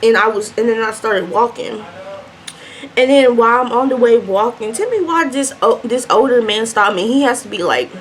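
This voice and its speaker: A young adult woman with a voice sitting a little high tells a storytime as a vlogger while eating. She talks in an animated, chatty way, eating as she goes. There is a faint hum of ambience behind her. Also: moderate pace. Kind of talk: mukbang storytime.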